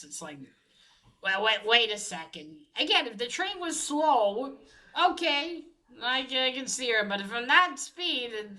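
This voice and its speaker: Woman, casual comic recap, bright voice, rambling, filler words, restarts. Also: a little high. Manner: rambling, many fillers and restarts, swears when frustrated. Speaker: comic reviewer.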